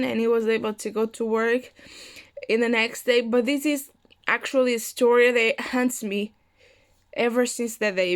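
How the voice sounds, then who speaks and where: A woman vlogger casually telling a funny personal story in a chatty, rambling, amused way. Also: fairly high pitch.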